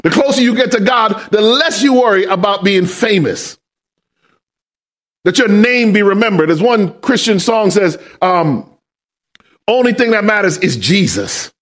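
A man pastor preaching a sermon, asking the congregation questions and building up to shouted emphasis. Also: high-pitched, a little slow. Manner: call-and-response questions to the congregation.

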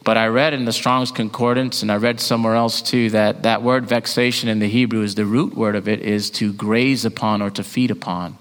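A man's voice: fairly low pitch, fairly even intonation, a little fast, few pauses. Man preaching in an echoing hall. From Jamaican family. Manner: preaching with big swings from loud rising calls to hushed near-whispers. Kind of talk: sermon. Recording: long hall reverb.

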